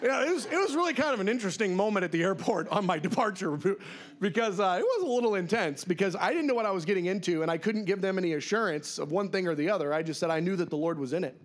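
A man's voice: high-pitched, fast. A man preaching a sermon, telling a story and acting out the voices of people he quotes. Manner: animated, acts out quoted voices.

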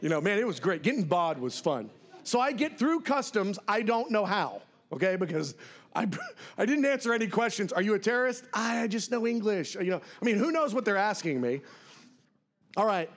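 A man's voice: high-pitched, moderate pace. A man preaching a sermon, telling a story and acting out the voices of people he quotes. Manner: animated, acts out quoted voices.

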